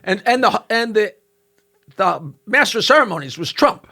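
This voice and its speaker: An older man who tells jokes for a living spins a long story with quick asides, his voice sitting high and sounding bright and sharp. He talks casually as a podcast guest, hitting each point hard. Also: vocal fry. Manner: animated joke-telling with quick asides. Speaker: comedian guest.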